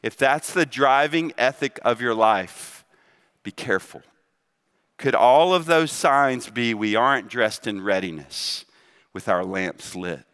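A man's voice: mid-range voice, animated, slow pace, fairly bright tone, smooth. A middle-aged man preaching a sermon in a conversational way, asking the congregation questions and often adding "right?". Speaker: pastor.

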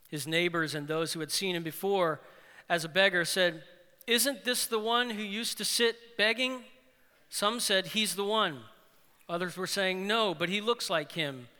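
A man preaches in a church sanctuary, his high, very bright voice ringing with a long reverb. He is animated and acts out the people he quotes with sudden leaps in pitch. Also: smooth. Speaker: pastor. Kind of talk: sermon.

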